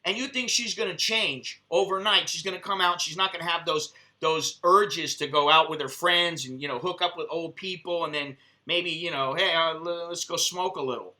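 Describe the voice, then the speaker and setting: Bright-voiced, cursing American man ranting. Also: a little high, moderate pace, few pauses. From United States. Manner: profane, animated storytelling, acts out heated quotes. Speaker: live-stream host. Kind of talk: casual live-stream monologue.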